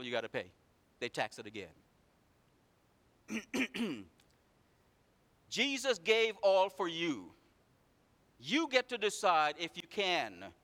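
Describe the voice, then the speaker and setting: A man delivers a sermon in a voice pitched a little high and full of movement. He builds repetitive, emphatic runs that climb in force, then sinks into low, quiet asides before rising again. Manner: repetitive preaching cadence. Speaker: preacher.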